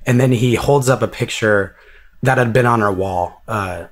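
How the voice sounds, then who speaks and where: A man being interviewed, recounting a personal story in a halting, reflective way with many restarts. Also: on the low side.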